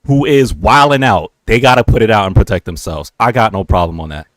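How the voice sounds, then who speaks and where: A man, co-hosting a live chat stream, talking in an animated, slangy, emphatic way. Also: lowish voice, fairly quick, no room sound. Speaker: livestream co-host. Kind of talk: casual chat.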